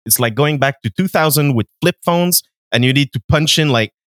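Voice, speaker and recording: A man's voice: fairly high pitch, a little fast, a bit bright, no echo, studio quality. A man with a French Canadian accent, a guest on a casual podcast chat who laughs often and talks in an easily amused way.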